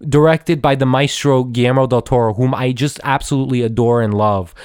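Excitable man in his thirties gushing. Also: mid-range voice, fairly quick, clear, resonant tone, dry recording, studio quality. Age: 30s. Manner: gushing, profane, repeats "dude" with stammering restarts. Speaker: podcast host. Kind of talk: excited film review monologue.

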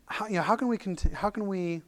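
A man giving a casual, conversational sermon as a pastor, animated and full of restarts and fillers. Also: high voice, fast.

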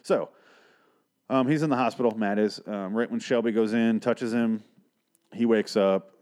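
A man's voice: lowish voice, normal speed, a little mellow. A man hosting a podcast, recapping a TV episode in a casual, profane, sarcastic and rambling way. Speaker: podcast host.

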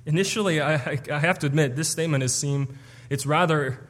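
Earnest preacher in a reverberant hall. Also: male voice, on the high side, a little fast, a bit bright. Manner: earnest, explanatory, with stumbles and restarts. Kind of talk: expository sermon.

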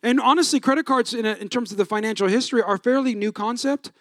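A middle-aged man preaching a sermon as pastor, telling a family story with lively, shouted re-enactments. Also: extremely high pitch, quick pace, no echo, clean studio sound. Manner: animated storytelling, acts out his own voice in shouted bursts.

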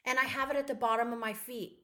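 A woman co-hosting a podcast, telling stories in casual chat with loud laughing outbursts and a lot of swearing. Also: fairly high pitch, steady tone, quick pace. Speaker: podcast co-host.

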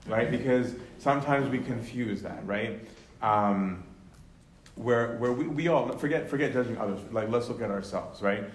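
A man leading a casual Bible study, talking loosely with lots of "right?" and "um", then slowing down to read verses aloud. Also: medium pitch. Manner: conversational, many fillers and tag questions, slows to read scripture. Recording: echoey room with faint noise.

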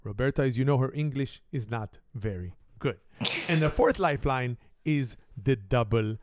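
A man's voice: medium pitch, lively intonation, normal speed, no room sound, clean studio sound. A middle-aged man from Israel with an Israeli accent and broken English grammar, a native Hebrew speaker hosting a playful family spelling game and telling a comic story. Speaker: family game show host.

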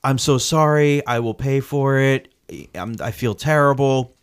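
A man voicing a flustered, apologetic woman driver who is lost, in a high, pleading voice. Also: a little slow, smooth, close to an everyday voice. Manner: breathless, pleading, repeats apologies.

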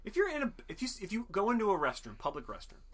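Brief: male podcast co-host, bright forceful voice, loose profane storytelling. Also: sits high, huge pitch swings, very fast. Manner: rambling, profane, acts out characters in jokey voices. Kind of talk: casual chat reviewing a movie.

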